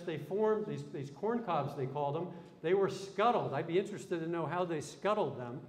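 High-voiced man giving a chatty history talk. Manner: chatty, quizzes the audience with questions. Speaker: history lecturer. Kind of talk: live history talk to an audience. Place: lecture hall with an audience. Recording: long hall reverb.

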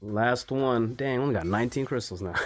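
A young man giving casual, excitable commentary on a mobile game, swearing freely and laughing often. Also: mid-range voice, moderate pace, soft background music. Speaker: gaming YouTuber.

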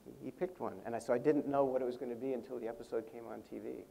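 An older man speaks as a guest on a convention panel with a gravelly edge to his mid-pitched voice. He tells animated stories, acts out what others said and laughs often. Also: very fast, slight background noise. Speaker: interview guest, language creator. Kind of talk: storytelling anecdote on stage.

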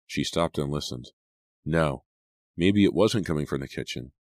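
A man with an extremely deep, low voice reads a horror story aloud, measured and suspenseful. The sound is dry and close, with no room around it. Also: lively intonation, no echo. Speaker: audiobook narrator. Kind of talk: scripted horror narration.

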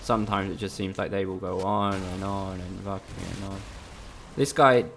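A man with a low, gravelly voice commentates his game live for viewers. He grumbles and swears freely, keeping a casual, joking banter going. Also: steady tone, normal speed, background noise. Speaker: streamer.

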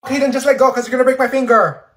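A bratty teenage schoolgirl with a shrill, very high voice fires off sarcastic comebacks and the odd curse. A man plays her in a comedy sketch. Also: steady tone, very fast, fairly bright tone, roomy sound. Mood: annoyed. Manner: snappy, sarcastic, swears when annoyed. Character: sassy bratty teenage schoolgirl, easily exasperated.

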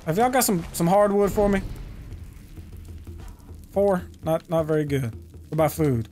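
A man giving casual, profane let's-play commentary, talking to himself and to the game and breaking into loud excited yells. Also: fairly high pitch, measured pace, slight background noise. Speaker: gaming channel host.

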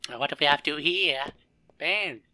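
A man with a German accent doing crude, profane commentary over a game, yelling now and then. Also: medium pitch, animated, a little slow, a little hiss or hum. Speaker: gameplay commentator.

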